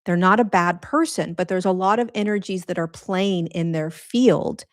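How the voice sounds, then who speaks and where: A middle-aged woman talks earnestly to her followers about spiritual matters, rambling and casual, often restarting her sentences. Her voice sits a little low. The sound is close and dry, with no room around it. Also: moderate pace, no room sound. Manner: earnest, rambling, conversational with many restarts and fillers. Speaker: spiritual teacher.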